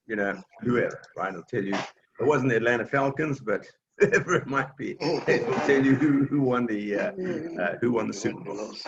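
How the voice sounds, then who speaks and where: Over a video call, a male technology instructor teaches an online class for seniors, patiently explaining things in plain language full of fillers and restarts. His voice is gravelly and mid-pitched, and the audio sounds dull with noise in the background.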